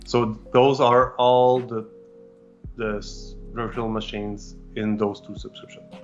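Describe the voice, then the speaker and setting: A man's voice: on the low side, level tone, slow, highs cut off, soft background music. A man whose first language is French, presenting a live technical demo with many fillers and restarts.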